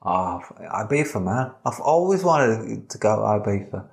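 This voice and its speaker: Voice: medium pitch, big pitch swings, a little slow, creaky. A man doing a swearing lad. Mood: excited. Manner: swearing, laddish, drawling. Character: laddish young man just out of detention.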